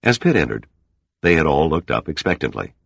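A man reading an audiobook in a steady, measured scripted narration. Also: very deep voice, vocal fry, no echo, lo-fi sound.

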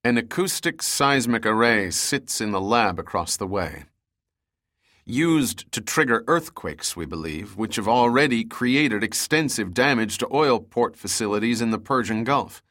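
A man reading an audiobook, voicing a cool male adventurer hero who speaks low, cold and clipped. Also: animated, a little slow, fairly bright tone.

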